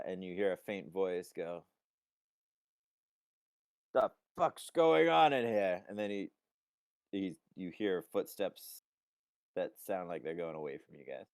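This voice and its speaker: A man narrating as game master in a relaxed, halting way with many fillers. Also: low voice, clear, resonant tone, no room sound, clean studio sound.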